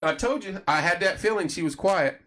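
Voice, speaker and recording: Speaking fairly quickly in a high-pitched voice, this middle-aged host of a relaxed late-night talk show spins lively stories. Whenever he quotes someone, he performs their voice.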